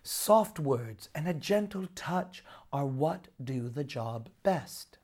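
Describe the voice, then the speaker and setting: A woman voicing a calm woodsman who gives slow, gentle advice, in a storybook reading. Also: deep voice, exaggerated voice. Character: calm, wise woodsman husband.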